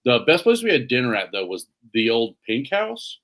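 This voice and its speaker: A man's voice: mid-range voice, moderate pace. A man co-hosting a podcast, chatting casually and rambling through stories. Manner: relaxed, rambling storytelling. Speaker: podcast co-host. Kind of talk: casual chat.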